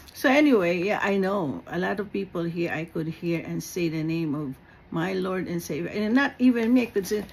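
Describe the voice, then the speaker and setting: A woman with a Filipino accent giving an informal spiritual talk, earnest and animated, dropping in Tagalog phrases and laughing between them. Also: lowish voice, normal speed, gravelly, a little hiss or hum, rough recording. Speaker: faith speaker.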